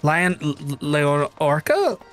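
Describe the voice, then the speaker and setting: A man's voice: on the high side, slow, soft background music. A man streaming a game live, chatting to viewers, swearing freely and stumbling over hard names as he repeats them. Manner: excitable, swears often, reads chat aloud.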